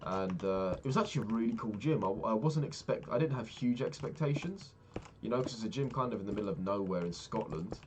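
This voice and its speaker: This young vlogger's voice is on the low side, a little fast and lively in intonation, with hardly any pauses, as he rambles through a story mid-game and swears freely. Keyboard clicks, typing and other background noise sit behind him.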